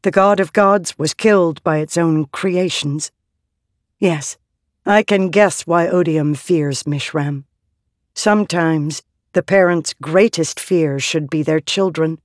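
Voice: mid-range voice, slow, dry recording, studio quality, lightly acted. A narrator voicing a fierce, desperate young woman in an audiobook, speaking urgently. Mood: defiant.

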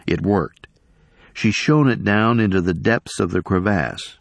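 A man reading a story aloud in measured scripted narration. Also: lowish voice, creaky, dry recording. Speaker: audiobook narrator.

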